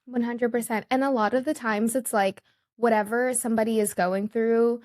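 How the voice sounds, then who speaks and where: A woman's voice: fairly high pitch, steady tone, normal speed, darkish tone. A woman hosting a podcast interview, affirming her guest and leaning on filler words like "you know". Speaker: podcast host. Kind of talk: interviewing conversationally.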